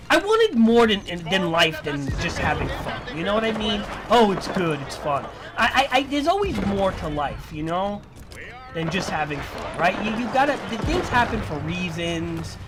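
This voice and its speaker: High-voiced guy lecturing on stream, keeps repeating himself, swears a lot, very animated. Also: noisy background. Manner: lecturing, repetitive, profane. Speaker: livestreamer. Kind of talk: casual stream rant.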